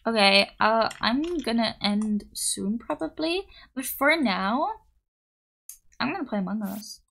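A woman live streams while playing a game, chatting casually with viewers. She's excitable and giggly, squealing whenever she's startled. Her voice is a little high and creaky, and she takes her time.

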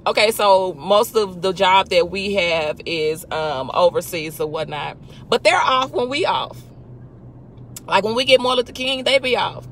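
A woman's voice: mid-range voice, lively intonation, normal speed, a little hiss or hum. A woman hosting a casual faith talk, emphatic and full of rhetorical questions. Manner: emphatic, rhetorical questions, talks back to imagined people. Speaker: host.

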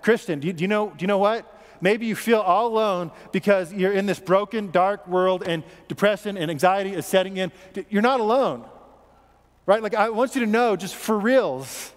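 High-voiced pastor in a reverberant church. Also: male voice, moderate pace. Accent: American. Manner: conversational, repeats words, asks the congregation questions. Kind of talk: sermon. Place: church sanctuary.

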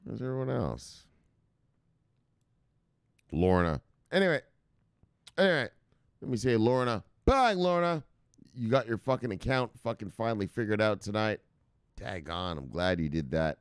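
A man's voice: lowish voice, sing-song, normal speed, pauses often, smooth, dry recording, clean studio sound. Profane, rambling man hosting crypto news. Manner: profane, rambling, reads viewer comments. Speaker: crypto news show host. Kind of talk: casual livestream commentary.

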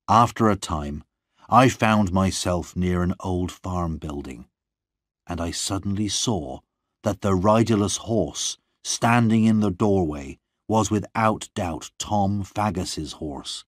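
A man with a very low, deep voice narrates a first-person story at a slow, measured pace. His reading is calm and even. The sound is dry and close to the mic, with no room around it. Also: dry recording. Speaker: audiobook narrator.

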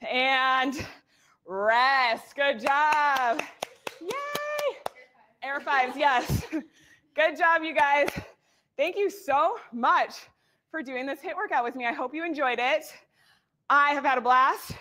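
An out-of-breath young woman leads a live workout with encouraging cues and whoops. Her voice sits high and sounds bright and sharp. She takes her time between short commands. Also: takes it slowly. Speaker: fitness instructor.

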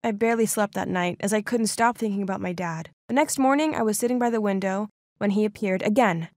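A young woman narrating an animated first-person story in an earnest, dramatic way. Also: mid-range voice, fairly quick, dry recording, clean studio sound.

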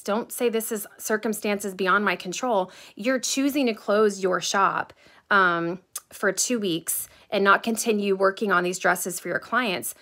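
A middle-aged woman rants to her vlog viewers in a casual, animated way. She sounds exasperated and talks fast with plenty of fillers. Her voice is bright and forward, at a mid pitch. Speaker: vlogger. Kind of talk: casual storytelling rant.

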